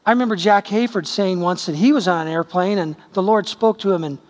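A man's voice: high-pitched, brisk, big-room sound. A man preaching a sermon, telling stories with acted-out quotes in a conversational, emphatic way. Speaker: pastor.

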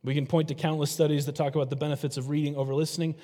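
A man's voice: fairly high pitch, flat delivery, very fast, dark tone. A middle-aged male pastor preaching a sermon in a conversational way, throwing rhetorical questions at the congregation. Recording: long hall reverb.

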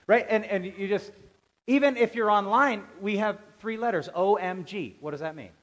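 Animated preacher with a dull lo-fi sound. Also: male voice, sits high, moderate pace. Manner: animated, swings from quiet asides to loud emphatic bursts. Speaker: pastor. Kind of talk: sermon.

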